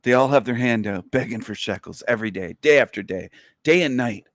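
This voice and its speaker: A man hosting a livestream, delivering an angry, profane, repetitive rant whose pitch climbs sharply as he gets worked up. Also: expressive, fairly quick, fairly bright tone, no echo, clean studio sound. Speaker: livestream host. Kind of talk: ranting livestream monologue.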